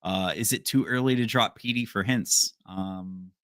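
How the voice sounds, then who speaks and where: A man's voice: on the low side, unhurried, a bit bright, dry recording. A man co-hosting a podcast, chatting casually and hesitantly with many fillers. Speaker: podcast co-host. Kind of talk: casual chat.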